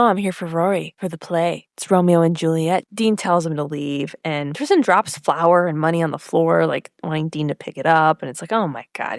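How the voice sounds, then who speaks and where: A woman's voice: low-pitched, dry recording, studio quality. A woman co-hosting a podcast, recapping a TV episode in casual chat and acting out the characters' lines with lots of laughter. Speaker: podcast co-host.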